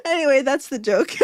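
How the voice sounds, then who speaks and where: A woman's voice: fairly high pitch, very noisy. A young woman streaming a game, chatting casually, telling jokes, swearing, and breaking into squeals and giggles. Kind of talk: casual gameplay commentary.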